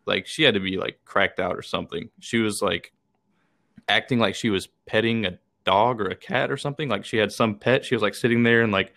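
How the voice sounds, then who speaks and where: Gravelly-voiced man, rambling podcast chat. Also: lowish voice, fairly quick, fairly bright tone. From Texas. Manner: rambling storytelling, swears freely, fillers. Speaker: podcast co-host. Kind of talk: casual chat.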